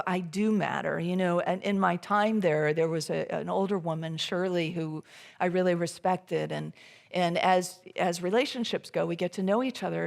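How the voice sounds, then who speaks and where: A woman giving a conversational sermon at a church service. She talks in a relaxed, chatty way with many fillers and restarts, and acts out her own inner thoughts in quotes. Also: fairly low pitch, gravelly. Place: church sanctuary.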